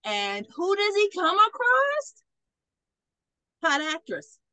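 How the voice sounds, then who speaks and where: Profane, animated woman recapping a film. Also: very high-pitched, takes it slowly, no room sound. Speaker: podcast host. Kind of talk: casual movie recap chat.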